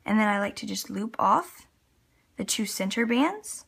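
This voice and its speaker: This loom tutorial host, a Canadian woman, has a medium-pitched, husky voice that's fairly bright, expressive, and touched with vocal fry, delivered at a measured pace. She chats casually while her hands work, guiding viewers step by step with small laughs. She's recorded by a tripod camera at the table.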